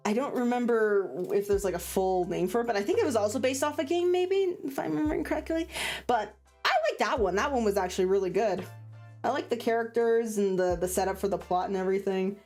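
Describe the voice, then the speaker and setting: A woman's voice: medium pitch, quick pace, faint music behind. A woman streamer chatting casually on a livestream, rambling and laughing often. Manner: animated, giggly and rambling.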